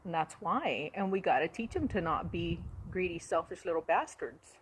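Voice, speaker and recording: A woman's voice: lowish voice, lively intonation, moderate pace, slight background noise. A woman hosting a casual chat about parenting, telling stories bluntly, with frequent laughter and salty language. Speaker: host, mother.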